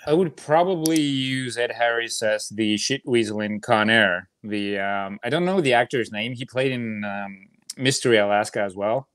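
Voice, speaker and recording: A man co-hosting a casual movie chat in a relaxed, joking way. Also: medium pitch, normal speed, no echo. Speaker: co-host of a movie podcast.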